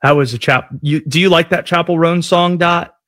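A man's voice: a little high, normal speed, no echo, clean studio sound. A man hosting a sports radio show, chatting casually and joking at his own expense. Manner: jokey, self-deprecating, animated.

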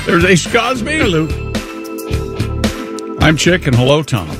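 An upbeat man co-hosts a morning radio show and reads out listener mail. His voice sits somewhat high, and faint music plays under him. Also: very animated, unhurried. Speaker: co-host.

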